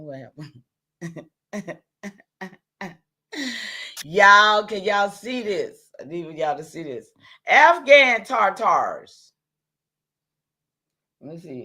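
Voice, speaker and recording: A woman's voice: medium pitch, a bit bright. A woman hosting a livestream, talking straight to her viewers, emphatic and repeating herself, swearing when heated and then apologising. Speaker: livestream host.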